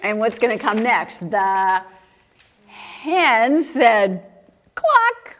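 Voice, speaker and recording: A woman's voice: fairly high pitch, lively intonation, very slow, a bit bright. A woman reading picture books aloud to a group of young children, playful and sing-song, asking them questions and laughing often. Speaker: children's story time reader.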